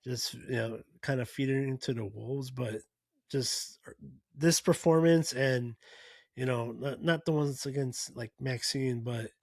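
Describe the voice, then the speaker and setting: A man with a gravelly, rough-edged voice talks through a recap in a loose, casual way. He rambles, restarting sentences and leaning on fillers as he goes. The sound is dry and close, with no room around it. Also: medium pitch, measured pace, darkish tone, no echo. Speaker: podcast host.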